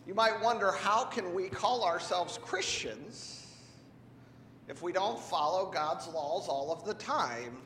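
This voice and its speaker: A man giving a children's sermon, gently asking a child questions as he teaches. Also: sits high, lively intonation, takes it slowly, a little hiss or hum. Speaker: pastor. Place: church sanctuary. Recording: echoey hall with long reverb.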